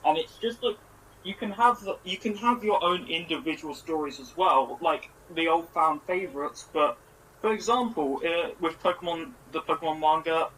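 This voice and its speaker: A man's voice: fairly high pitch, fairly bright tone, poor audio. Eager man explaining on a call. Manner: eager, explains at length, quick. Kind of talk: casual chat about an anime. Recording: voice call with faint noise.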